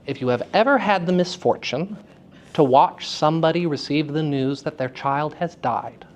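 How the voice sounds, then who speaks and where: A woman lecturing students on acting. She is lively and theatrical, laughs often and asks them questions. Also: deep voice, moderate pace, slight background noise. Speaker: acting teacher giving a lecture. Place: school theater festival session.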